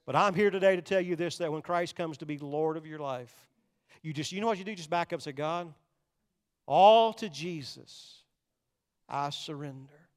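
An older man preaching a sermon, swinging between loud, urgent passages and hushed, quiet ones. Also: on the high side, fairly quick, clean tone, big-room sound. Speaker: pastor.

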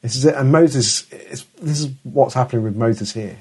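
A man's voice: medium pitch, moderate pace, a little mellow, husky. A middle-aged man preaching a sermon in an earnest, emphatic way, often restarting his words.

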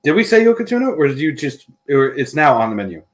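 A man's voice: a little high, sing-song, fast. Joking male podcast co-host. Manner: jokey, giggly, self-deprecating. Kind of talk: casual chat.

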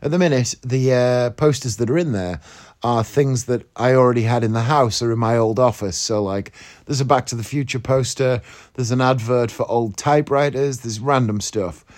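A man's voice: mid-range voice, moderate pace, a little mellow. A man with a slight northeast English accent, hosting a casual morning podcast from his bed, chatty and rambling, sounding groggy and just woken up. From northeast England. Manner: rambling, chatty, self-mocking. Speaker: podcast host. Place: in bed at home.

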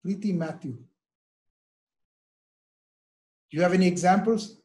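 Middle-aged male church teacher, slightly high voice, rambling and filler-heavy, keeps asking "right?". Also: slow, warm tone. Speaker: church teacher leading a parenting class. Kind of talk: interactive online parenting lesson.

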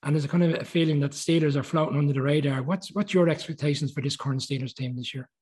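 A man interviewing a former coach, asking quick, slightly halting questions. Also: fairly high pitch, fairly even intonation, a little mellow, husky, poor audio. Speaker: sports interviewer.

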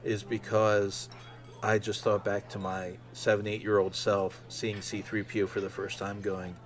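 Excitable rambling man around fifty. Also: lowish voice, measured pace, faint music behind. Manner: excitable, rambling fan talk with many ums. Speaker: podcast host. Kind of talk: casual solo podcast monologue.

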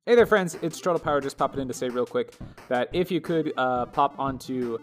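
A man's voice: medium pitch, animated, fairly quick, soft background music. Chatty male host doing a promo. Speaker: podcast host. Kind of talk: casual promo read.

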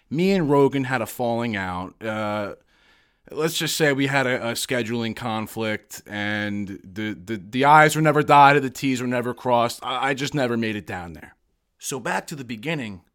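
A man's voice: medium pitch, fairly bright tone. A young man from the United States, a guest on a podcast, telling stories in a brash, boisterous way full of swearing. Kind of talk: casual podcast storytelling.

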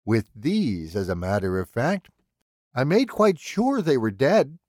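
A man voicing a calm, polite killer in an audiobook, speaking in a precise, mannered and coolly threatening way. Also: mid-range voice, a little slow, dry recording, studio quality, pitched above the performer's own voice. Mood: menacing. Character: calm, menacing male killer, polite and unhinged.

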